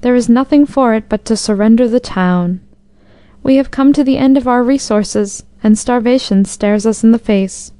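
A woman's voice: a little high, moderate pace, warm tone, smooth, no room sound, studio quality, close to an everyday voice. An indignant, exclaiming town mayor, as a woman puts him on. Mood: grave. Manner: exclaiming, commanding. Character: anxious, indignant elderly male town mayor. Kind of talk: storybook narration.

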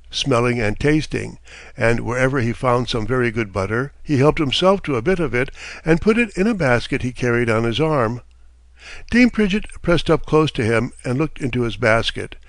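A man reading a fairy tale aloud in a measured, steady storytelling manner. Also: medium pitch, no room sound. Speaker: narrator.

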